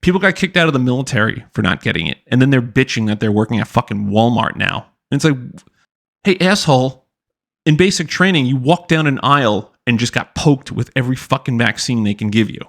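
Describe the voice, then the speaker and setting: A man's voice: medium pitch, expressive, a little fast, gravelly, a bit bright. A young man hosting a podcast, ranting bluntly with constant swearing and mocking impressions of people. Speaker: podcast host. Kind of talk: profane ranting commentary.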